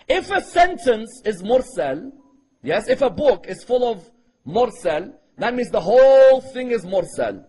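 A man preaching to a live audience, quizzing them with rhetorical questions and chanting Arabic verses quickly. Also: extremely high pitch, sing-song, darkish tone, slightly rough, low-quality recording. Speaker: Islamic preacher. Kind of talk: sermon.

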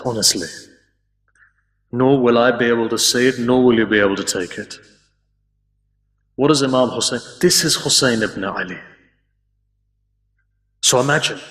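Emotional preacher man in an echoing hall. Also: mid-range voice. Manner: emotive, slows and drops to near a hush at sad moments. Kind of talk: emotional sermon. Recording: roomy hall with long reverb, from far off.

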